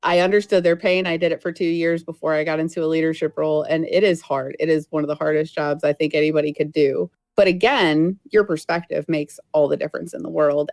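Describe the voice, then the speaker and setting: A woman with a lowish voice talks earnestly as a podcast guest. The sound is dry and close. She gives reflective advice in an easy, conversational way. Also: darkish tone, dry recording. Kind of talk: casual podcast chat.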